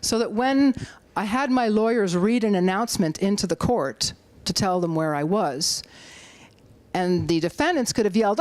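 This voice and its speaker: A middle-aged woman with a Canadian accent speaks to a live audience, urging and rallying them in an animated way. Her voice sits in a middling register and jumps high when she acts out what others said. The sound is close and dry, with little room echo. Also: moderate pace. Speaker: activist speaker. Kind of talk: public talk to an audience. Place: community hall talk.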